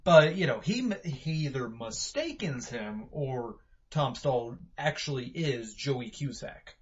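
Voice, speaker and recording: A man's voice: medium pitch, lively intonation, slow pace, breathy edge. A man casually reviewing a movie for a podcast, rambling with many fillers and restarts. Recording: dull lo-fi home recording.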